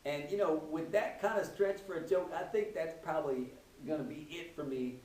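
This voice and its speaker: Male teacher doing stand-up, lively pitch swings, chuckles at his own gags, roomy distant sound. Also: normal speed. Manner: laughs at his own jokes, animated punchlines. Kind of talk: comedy routine telling jokes.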